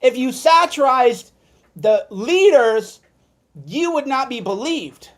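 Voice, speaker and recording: A man ranting as a political commentator, swearing and heated, swinging between loud outbursts and low muttered asides. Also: expressive, slow pace. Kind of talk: angry livestream rant.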